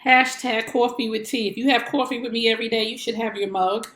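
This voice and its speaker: A woman's voice: on the high side, steady tone, a little fast, a bit bright. A woman in her forties, a life coach hosting her own broadcast, talking in an emphatic, repetitive, preacherly way. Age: 40s. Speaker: life coach and show host. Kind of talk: motivational broadcast talk. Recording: roomy echo.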